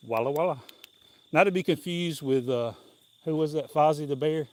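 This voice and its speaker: A man's voice: on the high side, normal speed. Chuckling Southern man rambling on a live stream. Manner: rambling folksy storytelling, chuckling often. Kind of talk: casual live-stream chat. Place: outdoors on a walk.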